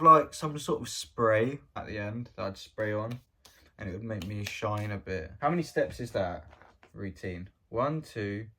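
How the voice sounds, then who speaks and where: A man's voice: fairly low pitch, pushed and bright. A man talking casually in a vlog, rambling and joking, often trailing off into mumbled asides. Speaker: vlogger.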